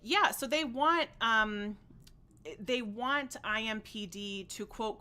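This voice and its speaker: A woman with a Chicago-area Midwestern accent hosts a casual livestream, talking politics at an easy pace. Her voice is bright and forward, and her speech is loose and chatty, full of ums and restarts. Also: a little high, slow. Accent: Upper Midwest, Chicago region. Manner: chatty, reads viewer comments aloud, many fillers. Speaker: livestream host.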